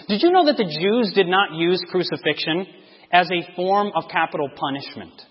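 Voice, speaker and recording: A man preaching a sermon, reading scripture dramatically and sinking to a near-hush on key words. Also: high-pitched, animated, normal speed, breathy edge. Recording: dull lo-fi sound with long hall reverb.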